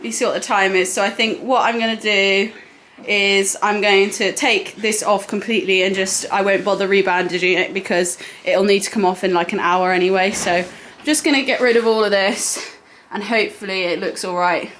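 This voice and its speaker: A woman's voice: medium pitch, steady tone, normal speed, a bit bright, a little hiss or hum. A young woman filming her day at a horse yard, chatting to the camera and fondly talking to her horses. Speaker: horse rider running a yard. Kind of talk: casual vlog narration. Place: outdoor stable yard. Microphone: camera mic, no clip-on.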